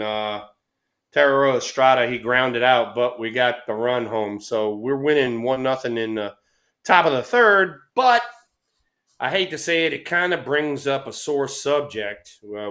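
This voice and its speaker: A middle-aged man co-hosting a casual baseball talk show, telling stories with acted-out voices and plenty of swearing. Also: mid-range voice. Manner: animated storyteller, acts out voices, swears freely. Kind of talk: casual storytelling chat.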